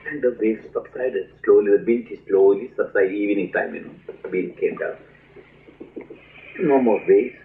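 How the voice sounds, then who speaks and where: A man teaching as a spiritual leader, telling stories in an animated way, acting out voices and laughing often, on a tinny lo-fi archive recording. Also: on the low side, moderate pace. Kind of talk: spiritual talk with storytelling.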